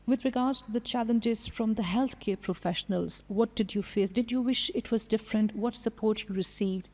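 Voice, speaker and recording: Mellow-voiced woman hosting a panel. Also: a little high, moderate pace. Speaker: panel host. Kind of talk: moderating a panel discussion. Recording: long hall reverb.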